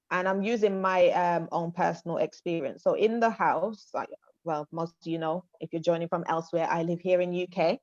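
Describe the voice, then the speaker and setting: A woman with a low voice moderates a panel over a video call. Her delivery is measured and agreeable. The sound is dry and a bit dull, like lo-fi call audio. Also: a little mellow, dry recording. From Montserrat. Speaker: panel host.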